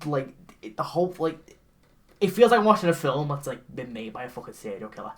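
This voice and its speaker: A man co-hosting a casual comedy podcast, animatedly recapping a bad movie with lots of swearing and quick character impressions. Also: mid-range voice. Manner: animated, swearing, mimics characters mid-story. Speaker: podcast co-host.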